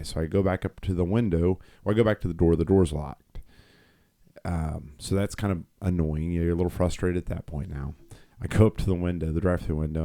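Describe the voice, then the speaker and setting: Deep, mellow-voiced middle-aged man storytelling. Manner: rambling storyteller, many fillers and restarts. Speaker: podcast co-host. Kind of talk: casual faith talk.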